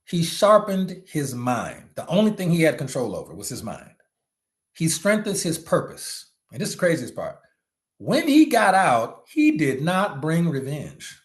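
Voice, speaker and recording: A man giving a preachy motivational talk with a fairly high, very lively voice that swings up and down. He mixes in slangy asides and breaks into sudden shouts. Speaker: leadership trainer for network marketers.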